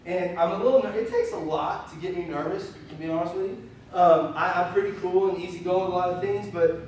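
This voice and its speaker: A young male pastor preaching a conversational, candid sermon, telling stories in an animated way with plenty of fillers. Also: sits high, brisk. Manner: candid, animated, self-deprecating, full of fillers. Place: church sanctuary. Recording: very echoey room, voice from far off, faint hiss.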